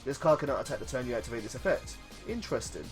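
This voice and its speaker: Guy streaming a card game, reads the cards out loud, gets all hyped, medium voice, faint music behind. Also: mid-range voice, rapid-fire. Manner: excitable, reads card text aloud. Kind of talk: casual live-stream commentary.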